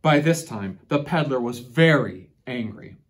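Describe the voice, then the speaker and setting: A woman storyteller reading a picture book aloud to children, expressive and deliberate, who then asks the listeners about its lesson. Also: very deep voice.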